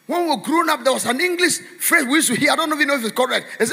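A man preaching a fiery sermon in a church, shouting and chanting in a sing-song cadence. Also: very high voice, animated, rapid-fire, vocal fry, hardly any pauses. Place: church hall. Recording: echoey church hall.

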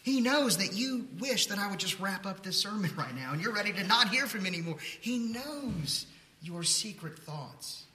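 A pastor delivers his sermon in a church with a sharp, bright voice pitched a little high. He preaches animatedly, dropping into playful mock voices and jokes. His voice rings out with a long, roomy hall echo. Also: lively intonation, fast talker, hardly any pauses. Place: church sanctuary. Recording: echoey hall.

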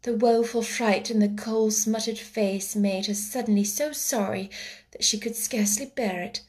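A woman narrating a classic children's story aloud, expressive, sometimes slipping into a hushed whisper. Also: medium pitch, unhurried. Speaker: audiobook narrator.

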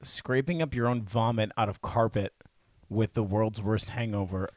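A young man in his twenties, a podcast co-host, telling animated, rambling stories in casual chat. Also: fairly low pitch, moderate pace, no echo, clean studio sound. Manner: rambling, animated anecdotes with put-on quotes.

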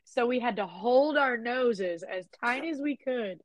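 A woman's voice: on the high side, lively intonation, measured pace, dry recording. A young adult woman co-hosting a podcast, telling frank, profane stories in casual chat. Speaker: podcast co-host.

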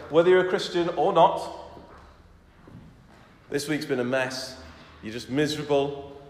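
A man, a church elder preaching a sermon in a conversational way, asking rhetorical questions and dropping to soft, intimate tones. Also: mid-range voice. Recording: echoey hall with long reverb.

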